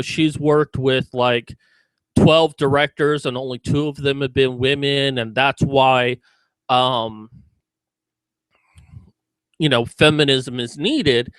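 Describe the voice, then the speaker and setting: A man's voice: fairly high pitch, a bit bright, no room sound. A man giving sarcastic, mocking commentary in a video about a news story.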